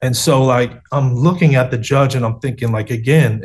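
A man's voice: medium pitch, normal speed. A man telling his faith story in an interview over a video call, earnest and street-casual, often saying "man" and "bro".

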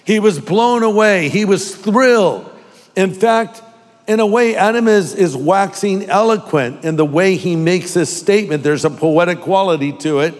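A man pastor from California preaching a sermon with humor, joking asides and quick impressions. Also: sits high, in a large hall.

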